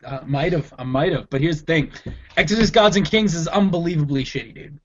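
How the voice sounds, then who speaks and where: Podcast co-host, male, high and casual, says "dude" constantly, dull lo-fi recording. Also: brisk, a little hiss or hum. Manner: laid-back, swears, says dude a lot. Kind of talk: casual chat.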